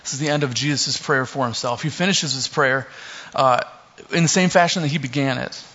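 A man's voice: medium pitch, fairly quick. Joking young male pastor, lo-fi. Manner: relaxed, joking asides, many fillers. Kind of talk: casual sermon with scripture reading. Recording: dull lo-fi recording.

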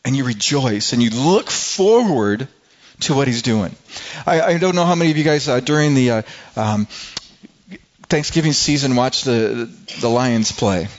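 A middle-aged man preaching a sermon as pastor, telling a story with frequent restarts and stretches of rising excitement. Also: medium pitch, normal speed. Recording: slightly dull lo-fi sound.

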